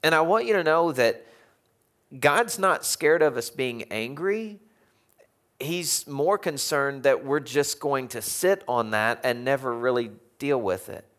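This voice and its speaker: A man's voice: medium pitch, lively intonation, measured pace, fairly bright tone. A man preaching a sermon as pastor, conversational, with wry humorous asides and rhetorical questions to the congregation.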